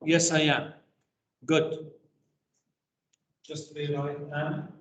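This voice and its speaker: A man's voice: a little high, flat delivery, very slow, roomy sound, low-quality recording. A man teaching an English class online, patient and mixing in Arabic words.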